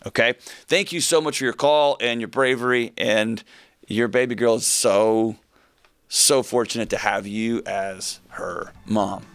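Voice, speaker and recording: A man in his forties hosting a call-in advice show, talking in a warm, reassuring, conversational way. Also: medium pitch, fairly even intonation, a little slow, clean tone, dry recording.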